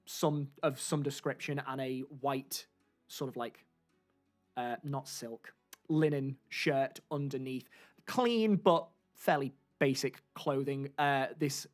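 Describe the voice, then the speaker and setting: A man running a tabletop game, describing scenes in a rambling way full of fillers. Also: medium pitch. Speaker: game master.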